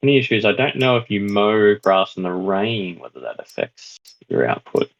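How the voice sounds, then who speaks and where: A man's voice: on the low side, sing-song, moderate pace, gravelly, dull audio. A man chatting casually while playing a farming game, rambling and hedging as he talks. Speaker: roleplay player. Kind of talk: casual gaming chat.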